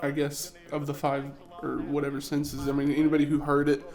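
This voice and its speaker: A man co-hosting a morning show, answering in a measured, thoughtful way. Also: a little high, completely flat delivery, creaky, a little mellow. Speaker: co-host. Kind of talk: casual chat.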